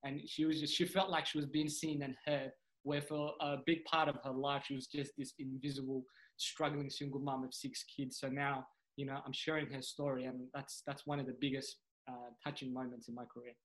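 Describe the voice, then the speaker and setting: A young man from Sudan, a stand-up comedian, telling stories in a casual, animated way and acting out the voices of people he quotes. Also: mid-range voice, brisk, rough recording. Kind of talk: casual storytelling chat.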